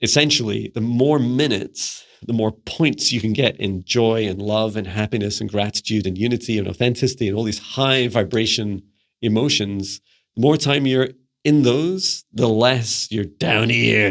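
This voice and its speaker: A man talks viewers through spiritual advice in a relaxed, conversational way. He laughs easily as he goes. His voice sits low and carries a gravelly fry. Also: moderate pace. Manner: relaxed, chatty, laughs often and acts out little voices. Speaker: spiritual mentor. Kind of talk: casual spoken teaching to camera.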